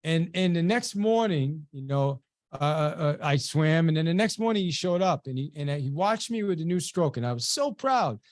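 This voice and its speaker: A man giving a webinar as a sales trainer, telling a motivational story with lively energy and acting out the dialogue as he goes. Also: fairly high pitch, moderate pace, dry recording, clean studio sound. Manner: animated storyteller who acts out quoted dialogue.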